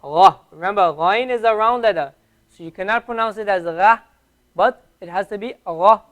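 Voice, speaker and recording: High-voiced man teaching letter sounds. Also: fairly bright tone. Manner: slow, patient, repeats each sound clearly. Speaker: Arabic teacher. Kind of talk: classroom lesson, drilling pronunciation. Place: classroom.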